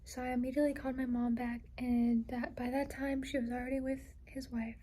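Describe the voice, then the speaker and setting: A woman's voice: sits high, level tone, fairly quick, mellow, poor audio. A young woman in a casual personal vlog, talking in a rambling way with lots of "like" and "you know", trying to hold back tears. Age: young adult. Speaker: vlogger.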